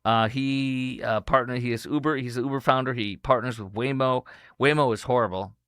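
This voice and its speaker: A man hosts a talk show in a smooth, resonant voice. He reads news items aloud, then breaks off with incredulous asides. The sound is close and dry. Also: medium pitch, fairly even intonation, moderate pace, a bit bright, dry recording. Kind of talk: casual news commentary.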